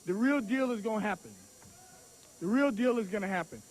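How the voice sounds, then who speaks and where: A man who manages and trains a boxer, hurling loud taunts with a preacher-like rhetorical cadence and at a press conference. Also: sits high, expressive, fairly quick, rough recording. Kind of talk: fiery press conference trash talk. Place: crowded press conference hall.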